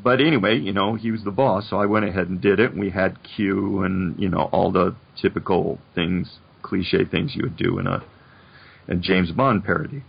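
A man's voice: sits low, lively intonation, normal speed. A man in his seventies, a guest in an interview, telling stories in a reflective, rambling way with many "you know"s. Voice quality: gravelly and husky. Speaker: guest, animation producer. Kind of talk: casual interview chat. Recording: dull lo-fi recording.

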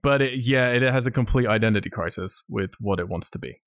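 A man's voice: mid-range voice, brisk, fairly bright tone, dry recording. Male podcast co-host, blunt and sweary, dry recording. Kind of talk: casual film review chat.

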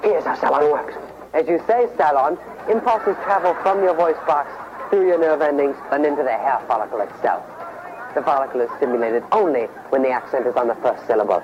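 Man acting as a hair-product pitchman, hammy infomercial delivery, fuzzy blown-out broadcast sound. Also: a little fast, natural voice. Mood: pitchy. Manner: exaggerated infomercial pitch, fake accent. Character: smarmy male salon hair-product pitchman. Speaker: comic actor in a sketch ad parody. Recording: dull rough old TV audio with noise.

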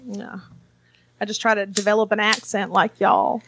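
Crude, deadpan woman comedian. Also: medium pitch, normal speed, slightly rough, dry recording. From California. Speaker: stand-up comedian, guest. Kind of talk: casual podcast chat.

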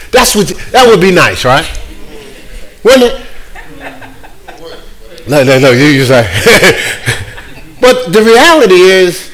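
Animated, high-pitched male preacher. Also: takes it slowly, pauses often, rough recording. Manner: animated, playful, acts out voices of others. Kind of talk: sermon.

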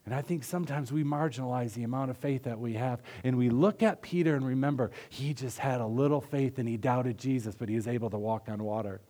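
A man preaching a sermon in an earnest, conversational way, often dropping his voice softly. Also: medium pitch, brisk, hardly any pauses. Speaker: pastor.

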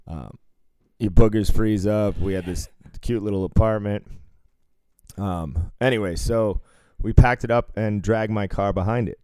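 A man from the Northeastern US with a very low, smooth, resonant voice tells rambling, profane stories with a laugh. The talk is casual, like a podcast chat. The sound is dry and close. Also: measured pace, darkish tone, dry recording.

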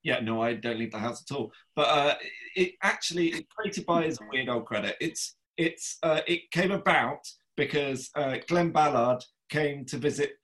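A man answering as a guest in a panel interview, rambling and halting with many fillers. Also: fairly high pitch, fairly bright tone. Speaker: guest writer.

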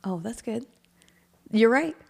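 A woman co-hosting a casual faith podcast, chiming in often with quick agreement. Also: a little high, animated, gravelly, breathy edge. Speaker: podcast co-host.

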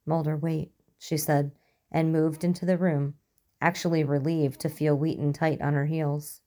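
A woman narrating a story in an even, measured way. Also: low-pitched.

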